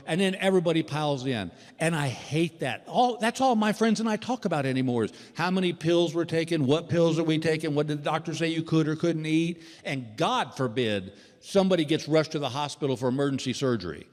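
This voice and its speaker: A man, performing stand-up comedy as an animated storyteller who acts out the voices he quotes. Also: a little high, fairly quick. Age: 60s. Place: large indoor theater stage. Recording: live theater reverb with faint ambience.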